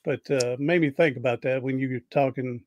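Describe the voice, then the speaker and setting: A man's voice: medium pitch, fairly even intonation, a little fast, no room sound, muffled recording. A man hosting a podcast interview, telling rambling, folksy anecdotes with frequent restarts. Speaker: podcast host. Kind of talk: casual interview storytelling.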